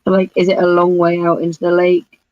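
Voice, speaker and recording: A woman's voice: fairly low pitch, monotone, brisk, darkish tone, dry recording, highs cut off. A woman playing a tabletop game, thinking aloud tentatively. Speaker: player. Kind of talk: in-character tabletop chat.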